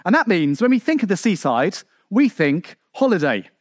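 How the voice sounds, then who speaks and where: Speaking at a moderate pace, a male English preacher's bright, high voice rises animatedly to forceful peaks and then sinks low again. His sermon is chatty and packed with asides and rhetorical questions, captured in a close, dry recording with no echo.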